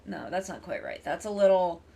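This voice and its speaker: A woman streamer chatting casually while playing, excitable and sweary. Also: on the low side, moderate pace, gravelly. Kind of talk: casual live-stream gaming chat. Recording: stream with game music behind.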